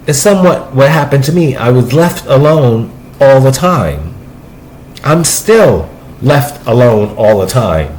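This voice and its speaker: A man speaking in a personal, confessional vlog, in a halting way with restarts and trailing asides. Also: mid-range voice, darkish tone, slight background noise, poor audio. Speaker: vlogger.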